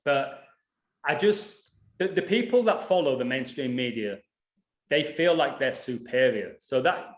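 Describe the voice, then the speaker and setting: Animated man in an echoey room. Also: medium pitch, measured pace. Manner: animated storyteller, acts out quarrels. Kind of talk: casual conversational interview.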